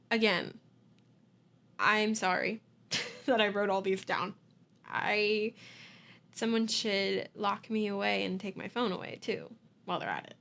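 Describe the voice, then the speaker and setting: A woman's voice: mid-range voice, fairly even intonation, takes it slowly, vocal fry, long pauses, fairly bright tone. A young woman hosting a casual solo podcast, giggly and self-deprecating, apologizing and laughing at herself as she talks. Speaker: podcast host. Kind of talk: casual confessional monologue.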